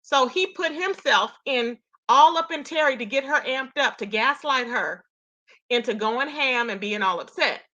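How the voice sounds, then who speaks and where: A woman's voice: sits high, expressive, a little slow, bright, forceful tone, highs cut off. A woman commenting on a streamed argument, sassy and gossipy, talking straight to her viewers. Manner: sassy, gossipy, talks to chat as y'all. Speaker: commentator reacting to a live-stream clip. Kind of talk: casual commentary.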